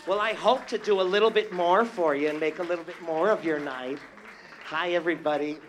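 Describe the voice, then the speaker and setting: A man's voice: fairly high pitch, a little fast, slight background noise. Flamboyant man teasing his audience. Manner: flamboyant and teasing, with constant endearments. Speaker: stage entertainer working the crowd. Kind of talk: live stage banter with the audience. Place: live venue with an audience.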